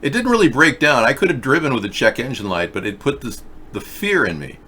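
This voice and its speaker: A man's voice: medium pitch, big pitch swings, a little fast, bright, forceful tone, breathy edge. A man hosting a casual video chat show, rambling through stories and reading viewer comments aloud. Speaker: show host.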